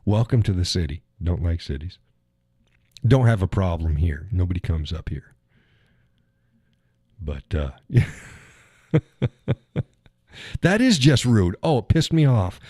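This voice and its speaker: A man's voice: on the low side, mellow, no room sound, clean studio sound. A man hosting a live stream, rambling through a chat while recovering from a leg injury, swearing and chuckling as he tells stories. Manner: rambling, profane storytelling with chuckles. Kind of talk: casual chat reading viewer comments.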